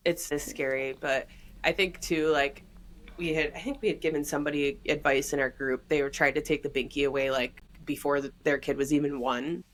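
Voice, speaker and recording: A woman in her thirties co-hosting a casual podcast, talking in a relaxed, rambling way about her kids. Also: sits low, brisk, low-quality recording. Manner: relaxed, rambling with many fillers. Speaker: podcast co-host. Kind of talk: casual chat.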